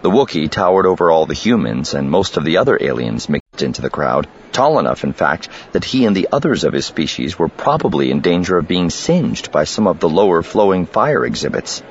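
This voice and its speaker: A man reading an audiobook as the narrator, with an expressive, dramatic delivery, in a dull lo-fi recording. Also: low voice, fairly quick, hardly any pauses, a little hiss or hum. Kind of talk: scripted narration.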